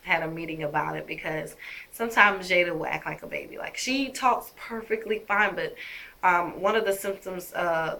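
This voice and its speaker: Woman, vlogger, bright forceful voice, emphatic, indignant, talks straight to viewers. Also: fairly low pitch, moderate pace, gravelly. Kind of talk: personal storytelling to camera.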